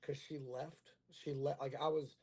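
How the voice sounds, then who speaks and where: A man's voice: mid-range voice, level tone, measured pace, a little mellow, breathy edge. A male comedian telling a rambling, crude, self-mocking story in casual chat, acting out the dialogue. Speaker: comedian guest.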